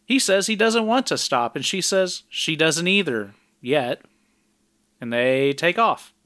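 A man with a somewhat higher voice talks through a film's plot in a relaxed podcast recap. His delivery is plain and conversational, with dry little asides. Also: a little slow, no echo. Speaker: podcast co-host recapping a film. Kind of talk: casual recap narration.

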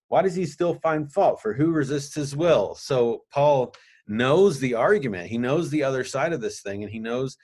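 A man hosting a podcast, reading scripture aloud and explaining it in a casual, halting way with asides. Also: medium pitch, darkish tone. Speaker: podcast host. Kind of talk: casual Bible teaching.

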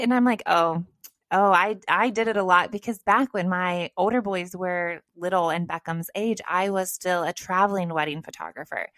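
A woman in her thirties co-hosts a podcast, chatting casually and motivationally with listeners in an encouraging, direct way and calling them "girl" and "you guys." Her voice is on the low side and a bit bright at a normal speed, recorded dry with clean studio sound.

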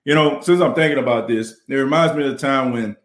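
A man's voice: medium pitch, quick pace, roomy sound. A man with a New Orleans accent hosting a podcast, talking fervently and with many "you know" fillers while he reads viewer chat. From New Orleans, US South. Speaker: podcast host. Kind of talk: livestream podcast talk, reading chat. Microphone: studio mic and camera.

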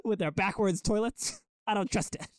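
A man's voice: sits high, moderate pace, dry recording. A young man co-hosting a podcast in casual chat, joking and making mock-formal apologies. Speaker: podcast co-host.

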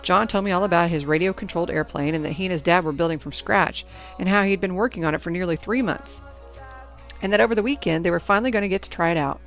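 A woman reading a first-person teen novel aloud in a lively storytelling manner. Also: lowish voice, fast talker, soft background music. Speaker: audiobook narrator.

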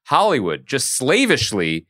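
Man, podcast co-host, very lively pitch, dry close mic, wry banter. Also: measured pace, no echo. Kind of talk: casual podcast chat.

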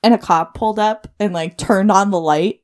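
A woman's voice: mid-range voice, normal speed, a little mellow. A young woman from Pennsylvania co-hosting a podcast, chatting casually, laughing, and telling stories with lots of "like". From Pennsylvania, USA. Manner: chatty, laughing, many "like" fillers. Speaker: podcast co-host. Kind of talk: casual chat, storytelling.

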